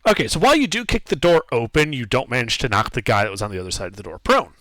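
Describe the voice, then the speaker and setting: Animated game master, bright and dry. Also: male voice, mid-range voice, rapid-fire, no room sound. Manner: runs the scene in a relaxed, conversational way. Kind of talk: narrating a tabletop game.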